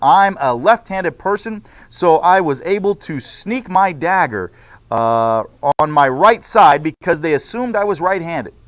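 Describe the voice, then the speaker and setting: A man's voice: a little high, expressive, unhurried, no room sound. A man doing a bragging assassin. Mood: boastful. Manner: casual, bragging. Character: boastful male assassin telling his tale.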